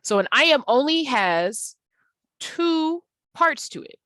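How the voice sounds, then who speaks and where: Woman tutor explaining stuff patiently, drags words out slow to show the sounds, dry no-room sound. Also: high voice, big pitch swings, a bit bright, no echo. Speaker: English tutor. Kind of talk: online tutorial lesson.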